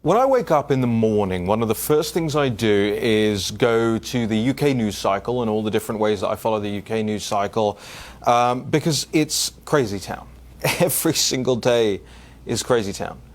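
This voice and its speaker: A young adult man hosting a political commentary show, answering listener questions in a casual, animated way, often restarting and repeating words. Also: fairly low pitch, moderate pace.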